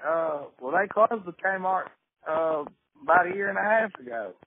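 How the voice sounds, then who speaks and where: Prank-call bit: man playing an irate Southern caller from Mississippi, blustering and stubborn, slightly high voice, phone-line sound. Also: lively intonation, normal speed. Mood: indignant. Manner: blustering, cussing, rambling. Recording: tinny phone line with faint hiss.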